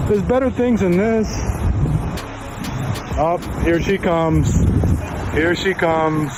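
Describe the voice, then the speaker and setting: High-voiced man taunting on a street. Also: very noisy. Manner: mocking, provocative, needling. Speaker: street protester filming. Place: city sidewalk outdoors.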